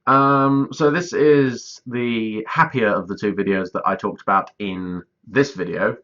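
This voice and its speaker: A man talks through a casual vlog update, rambling and self-deprecating, often stalling mid-sentence. His voice sits a bit low but has a bright, forceful edge. The audio is dull and lo-fi. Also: steady tone, a little slow. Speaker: YouTuber directing a voiced let's play.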